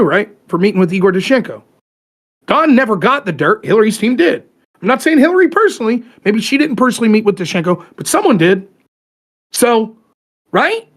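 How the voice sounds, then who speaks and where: A man hosting a podcast, ranting animatedly about politics in casual, profane talk. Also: high voice. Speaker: podcast host.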